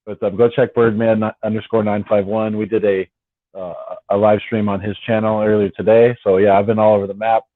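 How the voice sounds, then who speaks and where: A man hosts a casual late-night live stream for fans from his West Coast home, rambling and repeating himself as he talks. His voice is fairly low with little pitch movement, and he speaks briskly. The sound is dry and tinny, like a phone, with no echo.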